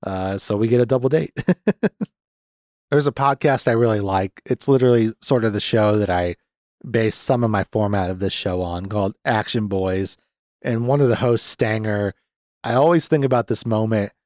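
A man's voice: fairly low pitch, moderate pace, darkish tone, dry recording, clean studio sound. A man in his thirties hosting a podcast, chatting casually and ramblingly about a film and swearing freely. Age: 30s. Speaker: podcast host. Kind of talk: casual movie review chat.

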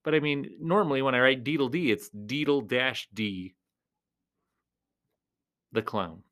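A man who works as a clown entertainer, chatting casually and playfully in a rambling vlog, often jumping into high silly tones. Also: measured pace, a bit bright.

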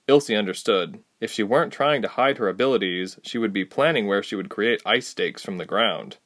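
A man narrating a fantasy audiobook in steady storytelling. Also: on the low side, normal speed.

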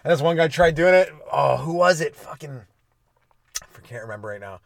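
A man's voice: on the high side, lively intonation, normal speed, gravelly, no room sound, clean studio sound. A man hosting a solo comedy podcast, riffing loosely on his own jokes, swearing, laughing at himself and slipping into silly voices. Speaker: stand-up comedian and podcast host. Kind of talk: rambling solo comedy riff.

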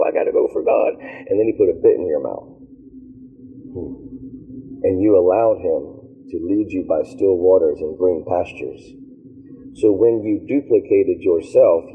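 A man telling stories of his ministry in a casual interview, animated and quick to laugh. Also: sits low, husky. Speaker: worship leader guest. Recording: tinny phone-like line.

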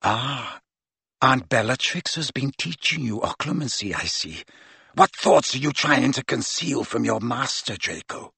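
A man voicing a cold, stern male schoolmaster who speaks low, quietly and in clipped phrases, in an audiobook. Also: big pitch swings, moderate pace, creaky, slightly rough, no echo, exaggerated voice. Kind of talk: audiobook character voice.

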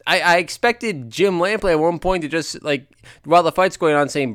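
A man gives casual, chatty commentary on a boxing match, his voice a little higher than most men's. He talks in an animated way with frequent fillers, and the sound is dry and close to the mic. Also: moderate pace, no echo.

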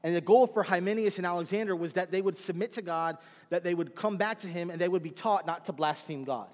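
A man's voice: high voice, fast, long reverb tail. A man preaching a sermon as pastor, telling stories animatedly and acting out the voices of the people in them.

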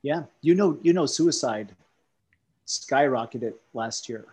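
A man in a casual podcast conversation, telling animated stories and jumping from topic to topic. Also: medium pitch, slow pace, breathy edge. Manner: animated storyteller who jumps between topics.

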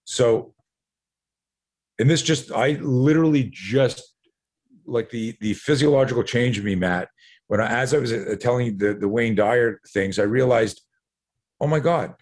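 With a mid-range, slightly mellow voice, this Canadian podcast guest in his sixties talks at a measured pace and pauses often. His storytelling is animated; he voices other people's lines and frequently repeats words partway through sentences.

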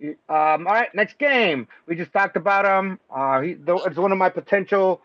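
High-voiced excitable man on a podcast. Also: moderate pace, dry recording. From Mexico. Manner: loose, profane, excitable, laughs often. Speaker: podcast host. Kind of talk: casual sports chat. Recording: dull lo-fi sound, dry.

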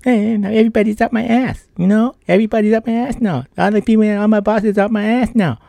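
A man's voice: sits high, fast talker, vocal fry, warm tone, dry recording, voice pushed up. A man voicing his exasperated male boss, scolding and ranting at a worker.

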